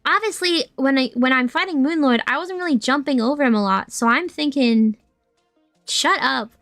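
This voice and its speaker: High-voiced playful woman streamer. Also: normal speed, a bit bright, no echo. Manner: playful, swears, reads and answers chat. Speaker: VTuber streamer. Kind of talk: casual gaming livestream chat. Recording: dry voice with faint game music.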